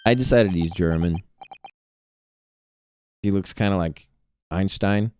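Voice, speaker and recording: A man's voice: sits low, slow, darkish tone, slight background noise. A man streaming a game and chatting casually between lines, joking and swearing freely. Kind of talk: let's-play commentary.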